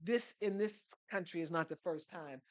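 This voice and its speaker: Here a woman's lowish voice comes through at a normal pace with no echo. Appearing as a guest on a podcast, she tells her story sincerely, like a lesson, asking rhetorical questions along the way in a storytelling conversation.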